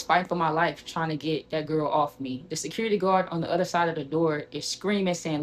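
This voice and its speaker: A woman vlogger telling a dramatic personal story in an animated storytime style. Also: low voice, fairly quick, hardly any pauses. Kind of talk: storytime vlog.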